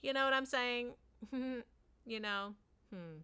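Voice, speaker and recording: A woman's voice: fairly high pitch, slow pace, bright, forceful tone, smooth. A woman telling a parenting story in a casual monologue, with lots of "like" fillers, acting out what people said. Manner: chatty, acts out quotes, many "like" fillers.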